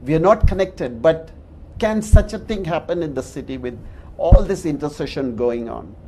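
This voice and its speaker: A man's voice: fairly high pitch, expressive, moderate pace, background noise. A man, a pastor preaching a sermon and telling stories with chuckles at his own anecdotes.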